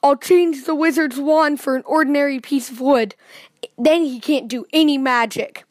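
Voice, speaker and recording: A woman's voice: high voice, fairly even intonation, normal speed, no room sound, clean studio sound, natural voice. Mister Mischief, a woman voicing a giggling little imp. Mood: scheming.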